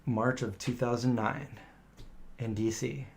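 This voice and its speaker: A man's voice: mid-range voice, fairly even intonation, slow pace, gravelly, slight background noise. Middle-aged man rambling through stories. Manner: rambling anecdotal storytelling, acting out quoted voices. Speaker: live stream host answering viewer questions. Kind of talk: casual live Q&A chat.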